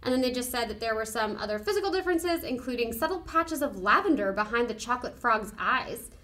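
A woman co-hosting a casual podcast chat, gushing and excitable, often giggling. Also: on the high side, fast. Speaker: podcast co-host.

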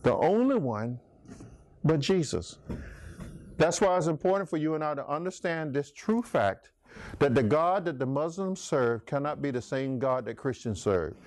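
A man's voice: a little high, lively intonation, moderate pace, a little mellow, no echo. A man preaching a sermon, emphatic, calling out listeners by name. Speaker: pastor.

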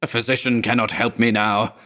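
Haunted, hysterical man: shrieks, then hoarse whispers, as a male narrator puts him on. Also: medium pitch, flat delivery, a little fast, bright, forceful tone, natural voice. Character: terrified drug-haunted man, raving of hounds.

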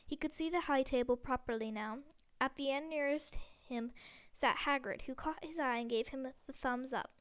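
A woman reading a storybook aloud in a steady, gentle way, with small slips. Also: sits high, moderate pace, clear, resonant tone. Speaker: audiobook reader. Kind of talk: storybook narration.

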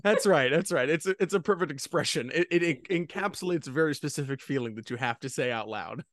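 A man's voice: fairly high pitch, lively intonation, fast, a bit bright, dry recording, clean studio sound. A man hosting a podcast, chatting enthusiastically, often laughing. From Florida, United States. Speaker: podcast host. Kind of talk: casual chat.

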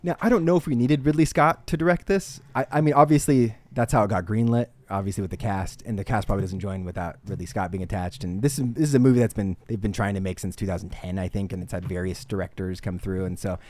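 A man's voice: mid-range voice, darkish tone. A young man co-hosting a podcast, talking through a film review in a rambling, enthusiastic way. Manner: rambling and enthusiastic, many restarts. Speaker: podcast co-host. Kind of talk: casual film review chat.

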